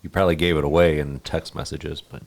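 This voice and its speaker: A man with a low voice co-hosts a podcast and chats casually. He jokes around with his co-hosts and chuckles often. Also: level tone, quick pace, creaky. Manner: laid-back, chuckling banter. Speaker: podcast co-host. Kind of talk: casual chat.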